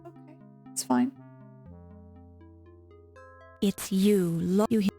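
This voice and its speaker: A woman's voice: medium pitch, big pitch swings, warm tone. A woman streaming a game, chatting and reading its text aloud with stumbles and restarts. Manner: unhurried, reads with stumbles and restarts. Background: faint game music.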